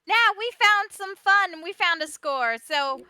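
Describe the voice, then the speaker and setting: A woman's voice: very high-pitched, animated, unhurried, sharp tone, no room sound, studio quality, pitched above the performer's own voice, full character voice. A woman voicing an eager child who checks in on a parent in a chirpy, offhand way.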